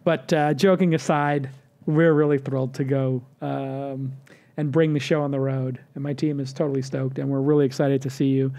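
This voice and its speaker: A man's voice: mid-range voice, level tone, moderate pace, dark tone. A man hosting a casual roundtable show, talking in an upbeat, promotional way and cracking jokes. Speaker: podcast host.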